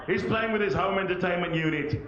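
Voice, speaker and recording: A man in his thirties doing live stand-up comedy, animated and cheeky, acting out little voices. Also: high voice, brisk, noisy background. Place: large theatre stage. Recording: roomy lo-fi VHS stage recording.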